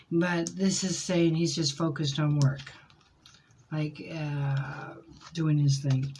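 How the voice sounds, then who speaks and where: A woman with a lowish voice gives a tarot reading at an unhurried, slow pace, feeling her way through each card. She hesitates often and fills pauses while searching for words. A faint noise sits under her voice. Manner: hesitant, searching, many fillers; intuitive, speaks in feelings. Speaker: tarot reader.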